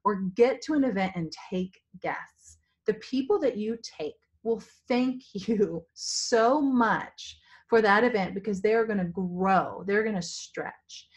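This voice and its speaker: Hoarse woman, mid-pitch, leads a sales team, restarts a lot, eager and motivational, spoken off the cuff at home. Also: slow pace. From Virginia, US. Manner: enthusiastic, rambling, full of restarts. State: hoarse, voice partly lost. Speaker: direct-sales team leader. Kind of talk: spontaneous motivational vlog. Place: indoors in a family home.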